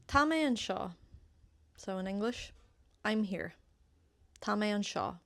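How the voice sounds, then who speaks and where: Irish woman, language teacher, patient, drills phrases slowly, dry close sound. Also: medium pitch, animated, gravelly, a bit bright, no room sound. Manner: patient, repeats example phrases slowly for learners. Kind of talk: casual online language lesson.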